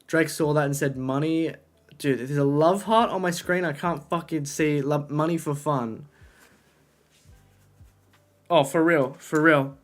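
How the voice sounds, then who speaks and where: A young man chatting casually on a live stream, talking to his chat, excitable and swearing often, into a desk microphone. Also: a little high, moderate pace. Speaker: livestreamer.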